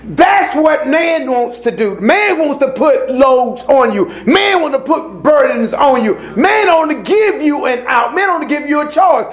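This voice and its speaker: Preacher, male, very high-pitched, call-and-response style, climbs to shouts. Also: lively intonation, a little slow, hardly any pauses. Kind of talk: sermon.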